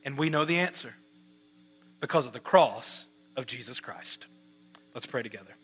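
A man's voice: medium pitch, lively intonation, normal speed, fairly bright tone, husky, soft background music. A man preaching a sermon with passion, asking repeated rhetorical questions. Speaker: pastor.

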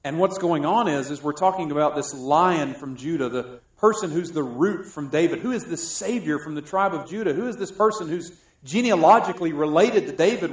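Animated preacher in an echoey room. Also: male voice, fairly high pitch, a little fast, few pauses. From South Carolina, US. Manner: animated, jokey preaching with sudden loud and soft swings. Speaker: pastor. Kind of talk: sermon.

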